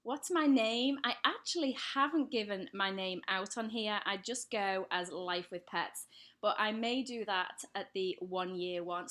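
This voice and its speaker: A woman's voice: mid-range voice, fairly bright tone. A woman with an English accent hosting a live stream, chatting as she reads out viewer comments and answers them. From England. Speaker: pet channel host. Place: home, lit by daylight.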